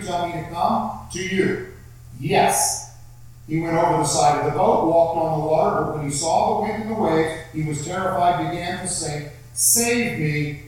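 A man preaching a sermon and reading scripture aloud, slow and emphatic, repeating phrases for effect. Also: on the high side. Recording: very echoey room, heard from far off.

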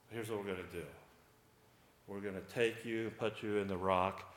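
A man preaching a sermon, animated, acting out the voices of the people in the story. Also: fairly low pitch, normal speed, echoey room, a little hiss or hum. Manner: animated, acts out voices of biblical figures.

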